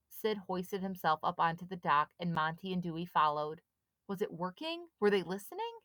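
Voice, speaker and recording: Woman, storybook narration, low voice, dry close sound. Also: animated, moderate pace, pushed and bright, dry recording. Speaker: audiobook reader.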